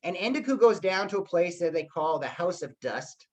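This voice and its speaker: Animated man telling a history story. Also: high voice, normal speed, rough recording. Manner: animated, playful retelling. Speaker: history teacher. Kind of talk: online class storytelling.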